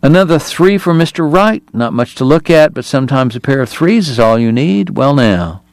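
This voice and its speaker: A man's voice: medium pitch, animated, moderate pace, no room sound, natural voice. A man voicing a frail, consumptive gambler dentist who speaks in a thready, breathless, courtly way. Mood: wry, breathless.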